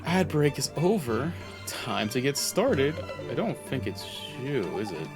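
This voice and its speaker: A man's voice: medium pitch, big pitch swings, measured pace, over music. A man streaming a game, chatting casually and rambling, often laughing as he talks. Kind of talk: casual chat while gaming.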